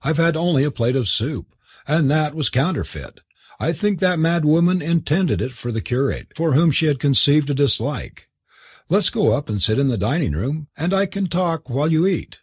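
A man voicing a prim, sharp young lady. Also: on the high side, lively intonation, moderate pace, breathy edge, no echo, clean studio sound, voice pushed up. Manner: indignant, prim exclamations. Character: young well-bred woman, sharp and impatient. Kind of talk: audiobook character voice.

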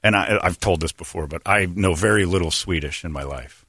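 A man's voice: sits low, a little fast, a bit bright, husky, dry recording, clean studio sound. A middle-aged man hosting a podcast, telling rambling, crude, jokey stories in casual chat. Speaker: podcast host.

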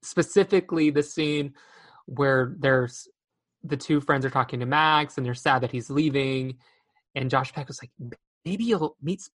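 A young woman co-hosting a casual podcast, retelling movie scenes with animated, acted-out quotes. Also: very deep voice, measured pace. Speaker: podcast co-host. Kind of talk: casual chat reviewing a movie.

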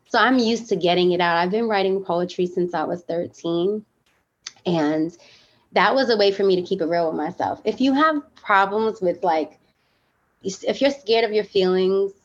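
A woman's voice: mid-range voice, unhurried, lo-fi sound. A woman guest on a podcast, talking candidly and with feeling, with lots of fillers. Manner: heartfelt, emphatic, many fillers.

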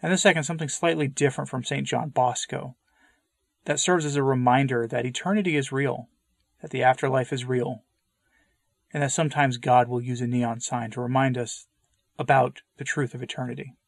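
A man's voice: medium pitch, fairly even intonation, brisk, creaky, no room sound, studio quality. A man reading an old sermon aloud in an earnest, devotional way, pressing hard on key phrases. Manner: fervent, rising emphasis on key phrases. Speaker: reader of spiritual texts.

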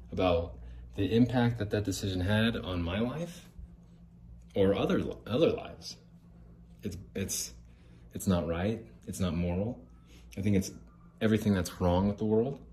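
A man's voice: deep voice, a little mellow, a little hiss or hum. A middle-aged man from the United States ranting casually as a podcast host, aggrieved and rambling, swearing freely. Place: outdoors near an apartment complex.

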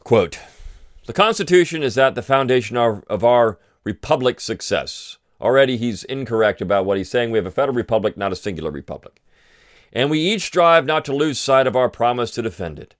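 A man's voice: medium pitch, animated, no room sound, clean studio sound. A middle-aged man hosting a podcast, giving sarcastic political commentary and pretending to choke up with tears. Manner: mock-tearful, sarcastic pauses. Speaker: podcast host.

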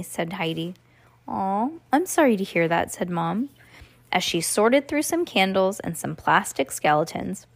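A woman's voice: on the low side, expressive, unhurried. A woman reading a children's book aloud at home, casually stopping to comment and restart lines. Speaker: reader.

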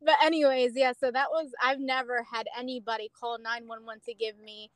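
Give me an animated woman officer chatting over a call, bright and high. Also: brisk, no echo, low-quality recording. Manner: animated, lots of fillers. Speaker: police officer. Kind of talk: casual storytelling chat.

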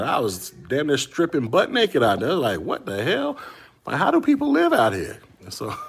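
Husky laid-back man telling stories. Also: on the low side. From Central Florida. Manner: rambling storyteller, slangy, addresses chat as y'all. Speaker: tech podcast host. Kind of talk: casual livestream chat.

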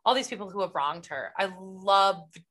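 A woman's voice: medium pitch, animated, moderate pace, a bit bright. A young woman co-hosting a book podcast, chatting casually and acting out characters' lines as she retells scenes. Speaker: podcast co-host.

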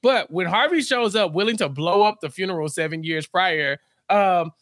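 A man co-hosting a podcast in casual chat, animated and acting out characters' lines as he recaps an episode. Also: sits high, moderate pace, dry recording, clean studio sound. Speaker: podcast co-host.

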